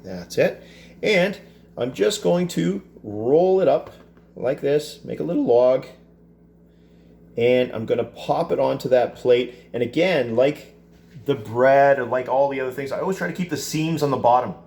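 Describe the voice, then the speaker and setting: Relaxed man giving a cooking demonstration. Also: mid-range voice, unhurried, creaky. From Canada. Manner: relaxed, chatty, self-deprecating asides. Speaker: culinary teacher. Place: school kitchen.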